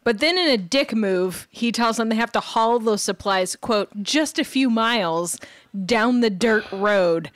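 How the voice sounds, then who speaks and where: A woman co-hosting a podcast in casual chat, recapping a TV show with animated, sarcastic asides and frequent "like". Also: fairly high pitch, unhurried, dry recording. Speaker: podcast co-host.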